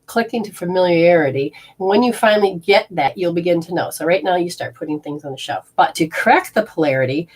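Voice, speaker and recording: Talking a little fast with hardly any pauses, an energy healer uses a lowish, slightly rough voice with lively intonation. She leads a live session, walking through hands-on techniques in a rambling way and frequently interrupting herself mid-sentence.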